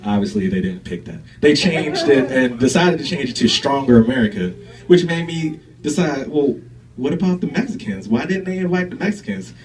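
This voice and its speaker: A man performing stand-up, spinning stories with an animated, swooping delivery. He chuckles at his own punchlines as he goes. The sound is picked up from a distance on a stage mic. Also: mid-range voice, moderate pace. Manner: animated storytelling, laughs at own jokes. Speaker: stand-up comedian. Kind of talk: stand-up comedy set. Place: comedy stage before a live audience.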